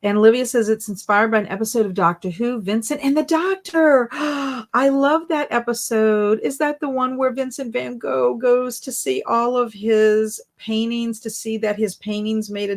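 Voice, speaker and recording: A woman hosting a casual live stream, chatty and animated as she reads viewer comments aloud and reacts to them. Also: medium pitch. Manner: animated and emotional. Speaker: livestream host.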